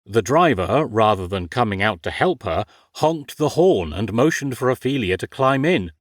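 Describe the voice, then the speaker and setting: A man narrating an audiobook in a measured, wry storytelling manner. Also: lowish voice, animated, no echo, clean studio sound. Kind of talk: scripted narration.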